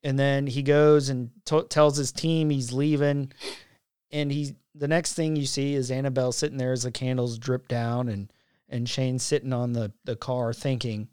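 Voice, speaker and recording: A man in relaxed conversation, talking casually with a co-host. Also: medium pitch, normal speed, clear, resonant tone, dry recording, clean studio sound. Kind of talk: casual chat.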